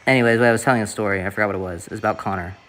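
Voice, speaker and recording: A man's voice: lowish voice, fairly even intonation, rapid-fire, fairly bright tone. A young man from the Southeast US, streaming and chatting casually in a rambling way, with lots of fillers and swearing.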